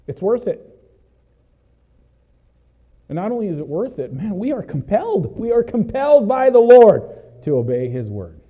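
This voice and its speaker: A male pastor preaching a sermon emphatically, swinging between loud exhortation and hushed asides, and calling out "Amen?" to the congregation. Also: high voice, very animated, normal speed, long pauses, slightly rough, highs cut off.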